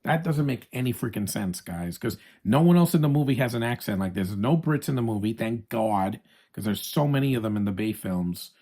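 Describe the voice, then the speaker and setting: A man's voice: fairly low pitch, animated, fairly quick, mellow. A man giving a casual, opinionated movie review, talking straight to his viewers with frequent restarts.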